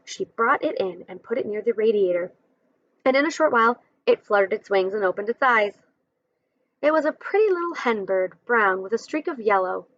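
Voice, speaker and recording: A woman's voice: mid-range voice, expressive, normal speed, dry recording, dull audio. A woman reading a children's chapter book aloud, adding friendly explanations between passages.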